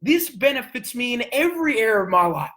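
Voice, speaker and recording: A man giving a motivational sales coaching talk, intense and emphatic, hammering points home with repeated phrases and sometimes pushing his voice near a yell. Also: very high-pitched, sing-song, brisk, background noise. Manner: raises voice to near yelling at times.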